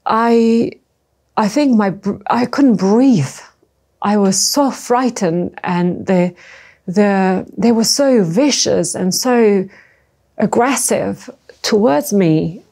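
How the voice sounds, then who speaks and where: A woman from former Yugoslavia telling her story in an interview, speaking in halting, emotional bursts and often restarting and repeating words. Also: mid-range voice, creaky, mellow, husky. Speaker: interviewee, trafficking survivor. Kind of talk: personal testimony in an interview.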